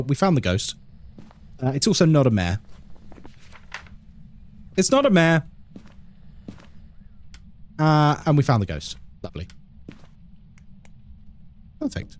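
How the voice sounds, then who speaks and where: Male streamer, slightly high, bouncy delivery, chatty and quick to laugh. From England. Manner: chatty, reads chat aloud, laughs often. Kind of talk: live gaming stream chat.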